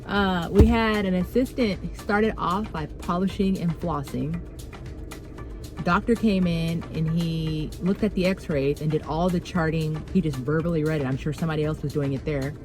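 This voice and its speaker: A woman's voice: deep voice, normal speed, rough recording. A woman dental hygienist chatting casually in a vlog, blunt and profane, acting out conversations. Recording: music playing behind.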